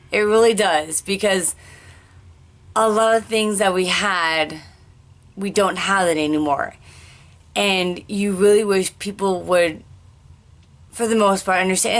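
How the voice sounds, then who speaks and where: A woman talking candidly in a personal vlog, rambling and searching for words with restarts and sighs, speaking slowly and deliberately. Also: medium pitch, fairly bright tone. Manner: slow, deliberate pacing. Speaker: vlogger sharing life after a stroke.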